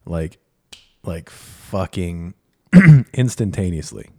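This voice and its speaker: A man's voice: deep voice, big pitch swings, drawn-out words, mellow, husky. A man co-hosting a podcast, casually telling a candid, self-deprecating story and acting out the lines of others. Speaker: podcast co-host.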